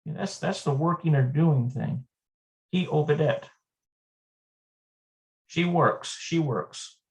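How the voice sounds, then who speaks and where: Teaching Hebrew in a live online class, this medium-pitched voice thinks out loud, hesitating and slowly repeating words.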